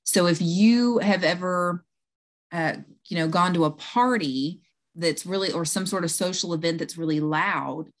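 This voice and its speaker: A woman in her thirties speaks earnestly as a guest coach on a podcast. Her voice sits fairly low. She often acts out quoted lines to show her point. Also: a little slow. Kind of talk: podcast interview, explaining.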